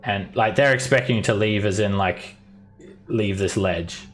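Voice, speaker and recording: A man's voice: fairly low pitch, moderate pace, fairly bright tone, soft background music. A man narrating as game master, talking casually and filling his lines with "like" and "uh". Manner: chatty, full of "like" and "uh".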